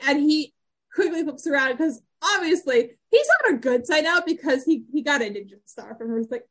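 A woman's voice: high-pitched, moderate pace. A woman co-hosting a podcast, chatting casually about a TV episode and acting out characters' lines as she goes. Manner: animated, acts out lines from scenes. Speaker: podcast co-host. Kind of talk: casual chat recapping a TV episode.

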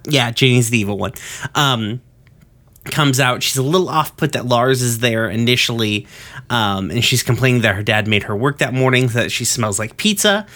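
Guy rambling thru an episode recap, bright voice, tons of ums and uhs, swears a lot. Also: normal speed. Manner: loose, rambling, lots of ums and uhs, acts out quotes in higher voices. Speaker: podcast co-host recapping an episode.

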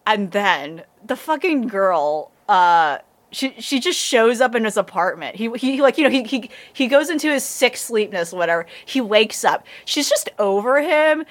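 A woman's voice: a little high, animated, measured pace. A woman in casual anime review chat, rambling, swearing, and laughing often.

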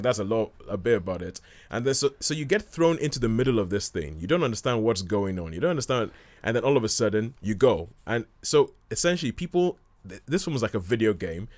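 A man hosting a casual film review chat, rambling with many restarts and acting out quotes from scenes. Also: fairly low pitch.

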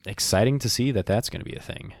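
A man's voice: on the low side, quick pace, no echo, studio quality. A man hosting a casual podcast chat, reading out announcements and stumbling over words now and then. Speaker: podcast host.

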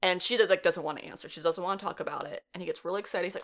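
A woman's voice: on the low side, very fast, few pauses. A woman in her twenties retelling a story in a casual, chatty way, swearing freely and laughing often. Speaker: show reviewer. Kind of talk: casual plot recap.

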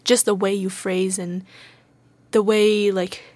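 A woman's voice: medium pitch, level tone, slow, darkish tone, dry recording. A young woman with a mid-range voice, co-hosting a podcast in casual conversation. She asks curious questions and fills her sentences with "like". The sound is dry and close. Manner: curious, questioning, lots of fillers. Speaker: podcast co-host. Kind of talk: casual chat.

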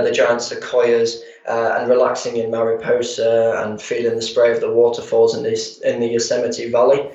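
A man's voice: mid-range voice, darkish tone. A man describing a tour itinerary in casual interview talk, hesitant with many fillers. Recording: muffled, roomy.

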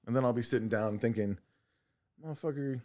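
A man's voice: medium pitch, expressive, moderate pace. A man, co-hosting a casual podcast chat and telling rowdy childhood stories with lots of laughing and swearing. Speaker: podcast co-host.

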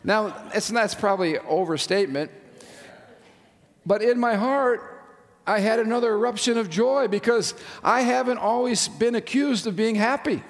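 In a large church sanctuary, long hall reverb trails a male pastor whose voice sits high and moves at a moderate pace. He preaches with enthusiasm, frequently using "uh" as filler while questioning the congregation.

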